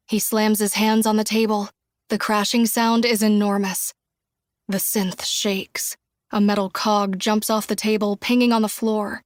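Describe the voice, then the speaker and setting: A woman's voice: medium pitch, level tone, a little slow, dry recording. A woman giving intense, emotional first-person narration of a thriller audiobook on a close studio mic.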